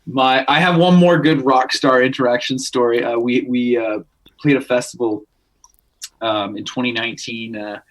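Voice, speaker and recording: Brief: man from Canada in his thirties, mid-pitched, loose rambling storyteller who swears and restarts a lot. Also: fairly even intonation, moderate pace, rough recording. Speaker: guest musician. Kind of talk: casual chat.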